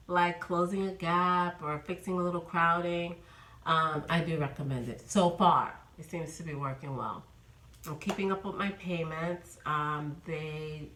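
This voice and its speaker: A woman's voice: low-pitched, bright, forceful tone, roomy sound, poor audio. A woman in her fifties from New York, chatting casually in a rambling vlog update with many ums. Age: 50s. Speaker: vlogger.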